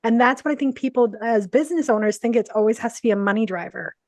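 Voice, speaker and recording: A woman business coach telling a personal story in a casual interview, animated, laughing often and saying "like" and "you know" a lot. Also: on the high side, fast talker, no echo.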